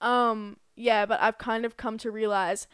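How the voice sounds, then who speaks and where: Chatty young woman, clear voice. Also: on the high side, level tone, unhurried, a bit bright, no room sound, clean studio sound. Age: about 20. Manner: chatty, fills speech with "like", swears casually. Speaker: podcast co-host. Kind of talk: casual chat.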